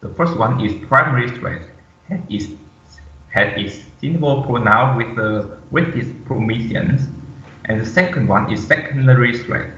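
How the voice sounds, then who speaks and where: A young man reads a class presentation off slides, halting and dotted with fillers. He sits back from the mic in an echoey room, and the sound is dull and muffled. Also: medium pitch, a bit bright, recorded from a distance. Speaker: student presenter.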